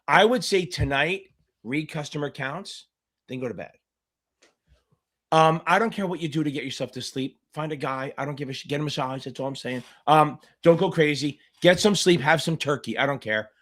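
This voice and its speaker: A man's voice: on the high side, a bit bright. A middle-aged man tutoring for a finance exam on a live Q&A stream, talking bluntly with constant swearing. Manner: blunt, profane, rapid rants.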